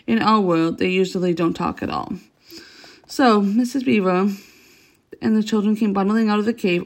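A woman's voice: mid-range voice, gravelly. A woman reading a children's story aloud, unpolished, with stumbles and self-corrections.

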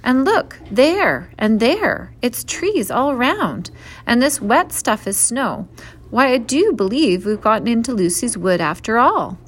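Woman narrator playing an eager eldest schoolboy from a storybook: bossy, hearty, pitched up and lifted in volume. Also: sing-song, a little slow. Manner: hearty, old-fashioned exclamations.

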